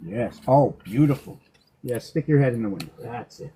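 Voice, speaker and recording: A middle-aged man grooming a dog, talking to it in a soft, coaxing way and joking with himself as he works. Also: medium pitch, animated, moderate pace, a little hiss or hum, rough recording. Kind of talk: rambling talk to a dog while grooming.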